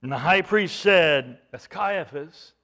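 Preaching at a slow pace, a man with a voice on the high side sounds expressive. He dramatizes the story with rhetorical questions, moving from forceful loudness to hushed tones.

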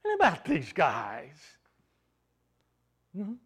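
A male preacher with a breathy, high voice retells a story in a sermon, speaking very slowly as his pitch swings hugely up and down. He fires rhetorical questions at the congregation, moving from loud emphasis to hushed asides.

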